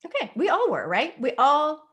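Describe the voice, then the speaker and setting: A woman's voice: sits high, huge pitch swings, moderate pace, a bit bright. A woman presenting a spiritual health talk over a video call, earnest and coaxing, repeating her points. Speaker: wellness presenter. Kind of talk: live online presentation.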